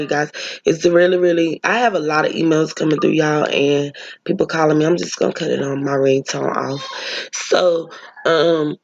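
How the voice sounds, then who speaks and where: A woman's voice: low voice, darkish tone, dull audio. Earnest woman telling a personal story. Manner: earnest, emotional, speaks straight to viewers. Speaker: vlogger.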